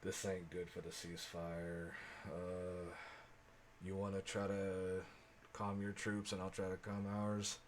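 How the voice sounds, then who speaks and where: A man with a very low voice plays his character casually, in a drawl. Faint noise runs behind him. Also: completely flat delivery, slow pace. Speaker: player. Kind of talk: casual tabletop role-play.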